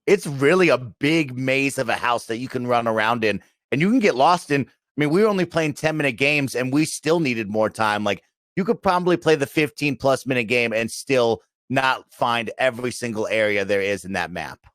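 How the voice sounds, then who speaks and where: A man's voice: medium pitch, expressive, normal speed, a bit bright, no echo. A man hosting a casual gaming podcast, upbeat and talking in long, run-on stretches. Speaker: podcast host.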